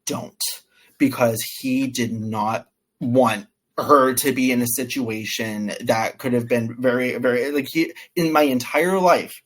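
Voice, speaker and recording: A man speaking as an interview guest, recounting a story in a relaxed, chatty way. He slips into other people's voices to act out their lines, which keeps his telling animated. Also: medium pitch, unhurried. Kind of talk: casual storytelling.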